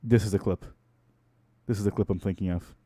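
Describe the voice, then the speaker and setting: A man's voice: low voice, fairly even intonation, fairly quick, mellow, breathy edge. A man streaming casually, reacting to old clips of himself, exasperated and swearing. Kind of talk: casual livestream chat.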